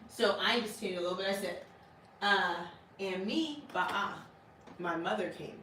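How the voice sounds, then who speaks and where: A woman teaching a small class in a classroom, chatty and quick to laugh, often checking "right?" with her students. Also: medium pitch, sharp tone, a little hiss or hum. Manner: casual, laughs often, asks "right?" a lot. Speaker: language teacher. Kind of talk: classroom lesson. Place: classroom with a board. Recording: echoey room, recorded from far off.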